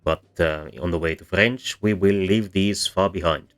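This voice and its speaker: Man, very low voice, teaching in voice-over; hesitant, lots of ums and restarts, soft music underneath. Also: moderate pace. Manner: hesitant, many fillers and restarts. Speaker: language history explainer. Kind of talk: explanatory voice-over lesson.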